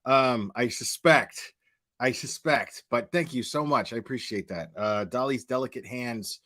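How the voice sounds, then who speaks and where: A man's voice: medium pitch, unhurried, a bit bright. An American man hosting a livestream commentary, ranting crudely with lots of profanity and reading out super chats. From United States. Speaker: commentary channel host.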